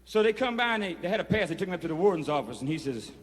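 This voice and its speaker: A man's voice: high-pitched, big pitch swings, very fast. A man telling a rambling, profane story to a room of inmates, drawling and peppering every phrase with "you know", recorded for a 1970s film. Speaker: performer addressing inmates. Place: prison hall. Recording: reverberant hall, 1970s film sound.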